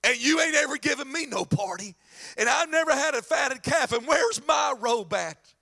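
Sermon retelling: a man playing a bitter older son, shouting, high and raspy. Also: animated, moderate pace, exaggerated voice. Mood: shouting hurt. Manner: shouting complaints. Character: resentful older son, young man, indignant.

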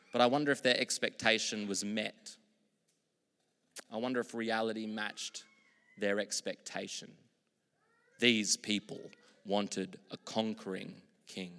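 A man preaching a sermon as pastor, moving between loud, emphatic proclamations and quiet, reflective asides. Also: fairly low pitch, fairly even intonation, takes it slowly, pauses often. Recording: long hall reverb.

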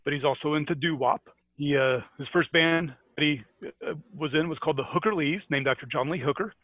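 A Scottish man chatting as a podcast co-host, sharing band anecdotes with plenty of "uh"s and laughs. His voice sits a little high. It comes through a thin, phone-like line. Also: fairly quick, no echo. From Scotland. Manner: chatty storyteller with many "uh" fillers and laughs. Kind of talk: casual chat.

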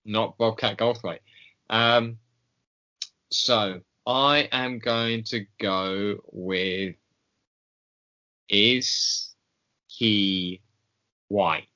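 Man, slow hesitant talk, bright tone, dull lo-fi audio. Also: fairly low pitch, fairly even intonation. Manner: slow, hesitant, many ums and pauses. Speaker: podcast co-host. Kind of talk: casual chat.

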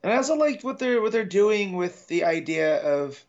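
A man co-hosting a casual comic book review podcast, speaking in a relaxed, halting way with frequent restarts. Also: high voice. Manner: relaxed, hesitant, many restarts and likes. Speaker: podcast co-host. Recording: dull lo-fi mic.

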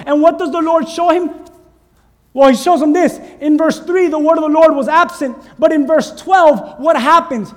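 A man's voice: very high voice, normal speed, long reverb tail. A male pastor preaching a sermon, urging his congregation with fervent call-and-response.

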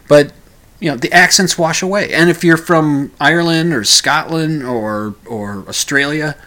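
A man hosts a solo podcast in a relaxed, conversational way. He hesitates a lot, trips over his words and starts sentences again, with a voice pitched in the middle of the usual male range. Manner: halting, with many restarts and repeated words. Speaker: podcast host. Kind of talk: casual solo podcast talk.

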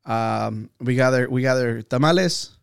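A man's voice: medium pitch, normal speed, vocal fry, smooth. A man co-hosting a podcast in casual chat, rambling and stammering, laughing often. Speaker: podcast co-host.

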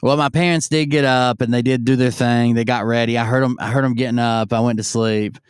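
A man's voice: mid-range voice, fairly even intonation, a little fast, clean tone, no echo, clean studio sound. A man casually telling a long, profane story on stream, rambling and acting out the lines of the people in it. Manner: rambling and profane, acts out yelled quotes.

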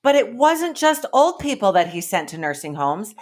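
A woman's voice: mid-range voice, sing-song, normal speed. A woman co-hosting a casual political podcast, trading sarcastic, profane banter. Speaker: podcast co-host.

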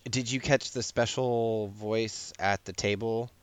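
A man co-hosting a podcast in casual chat, animated, laughing and often restarting his sentences. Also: fairly low pitch, slow, smooth, dry recording. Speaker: podcast co-host.

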